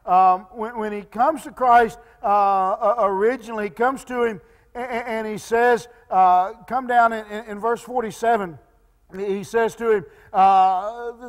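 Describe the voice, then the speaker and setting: High-voiced preacher in a reverberant church. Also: male voice, fairly even intonation. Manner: halting, repeats words and many fillers; drops to soft pleading tones when quoting. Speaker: pastor. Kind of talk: sermon. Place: church sanctuary.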